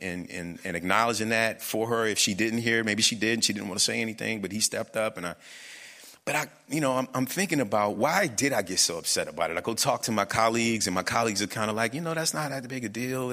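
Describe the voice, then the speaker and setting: A man telling a personal story on stage, earnest and reflective, often halting and restarting. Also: medium pitch, bright, forceful tone, long reverb tail.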